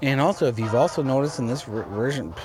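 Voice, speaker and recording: Animated and fast, a man with a mid-range voice rambles over his gameplay for a let's play. He often repeats himself and begins sentences over. There's game music beneath his voice.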